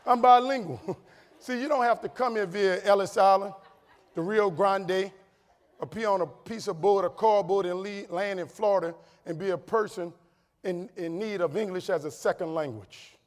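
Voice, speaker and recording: A middle-aged man with a New Orleans accent tells stories from a stage, his voice pitched high for a man. He slips into the voices of the people he quotes, and the sound echoes with the long tail of a large hall. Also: normal speed. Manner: animated, acts out quoted voices, laughing asides. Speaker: keynote speaker. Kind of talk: motivational storytelling speech.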